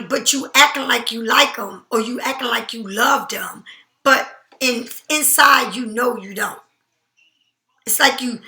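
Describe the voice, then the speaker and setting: A woman's voice: on the high side, pushed and bright, echoey room. A woman giving a casual tarot reading, emphatic and chatty, often checking in with "right?". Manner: chatty, emphatic, keeps asking "right?" and "all right?". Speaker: tarot card reader.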